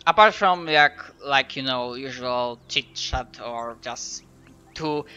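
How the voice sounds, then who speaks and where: A man's voice: mid-range voice, slow pace, pushed and bright, clear, resonant tone, lo-fi sound, soft background music. A man running a tabletop game as game master, narrating with hesitant fillers and self-corrections.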